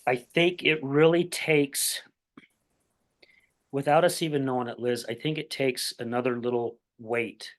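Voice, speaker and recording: A man hosting a recovery podcast, telling a personal story in a lively conversational way, acting out what others said and often asking "right?". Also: mid-range voice, unhurried. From Utah, USA. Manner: animated storyteller, acts out quoted voices, says "right?" often. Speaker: podcast host.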